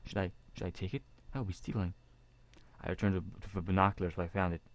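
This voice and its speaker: Low-voiced man reading a visual novel. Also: steady tone. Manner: chatty, halting, jokey asides. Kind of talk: casual game reading with commentary.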